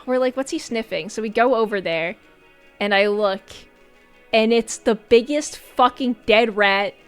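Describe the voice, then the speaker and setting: A young woman streaming from home, telling a story to her viewers in a casual, animated way, laughing often and breaking into high squeals. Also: clear, resonant tone. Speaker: VTuber streamer.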